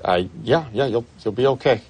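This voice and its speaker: A man's voice: medium pitch, a little fast, background noise, lightly acted. An actor playing a nervous store clerk who stammers through his answers in a film comedy scene. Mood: flustered. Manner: stammering, hesitant. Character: nervous, flustered young male store clerk.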